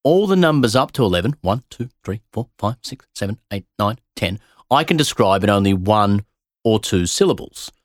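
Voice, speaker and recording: A man's voice: on the low side, very animated, normal speed, no echo, studio quality. A man hosting a science podcast, explaining a puzzle in a playful, teasing way. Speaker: podcast host. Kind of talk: casual science chat.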